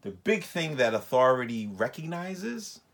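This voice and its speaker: A man's voice: medium pitch, sing-song, a little slow, vocal fry, crowd noise. A man co-hosting a casual podcast chat, cracking jokes and then giving thoughtful advice. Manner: wisecracking, then reflective advice. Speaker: podcast co-host.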